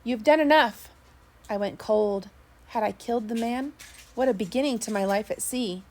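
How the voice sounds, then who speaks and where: A woman narrating a first-person sea story, steady with small slips. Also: mid-range voice, normal speed. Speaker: audiobook narrator.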